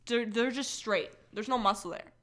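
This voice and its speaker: A woman's voice: on the high side, moderate pace, a bit bright. A young woman co-hosting a podcast, chatting casually in a giggly, teasing, rambling way. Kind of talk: casual chat.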